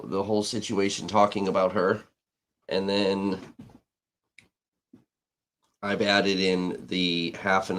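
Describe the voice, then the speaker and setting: A man live-streaming, telling a rambling, heated story in casual chat, swearing freely and restarting his sentences. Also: on the low side. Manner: heated, profane, with frequent restarts.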